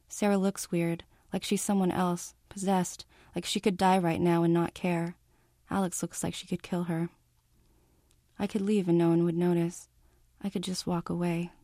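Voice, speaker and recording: Woman calmly reading her own novel aloud. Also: fairly low pitch, dry recording, studio quality. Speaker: author.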